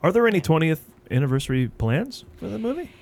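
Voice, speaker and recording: A man's voice: fairly high pitch, very animated, vocal fry. A man co-hosting a movie podcast, joking and steering the casual chat. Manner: quick, jokey, steers the talk. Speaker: podcast co-host.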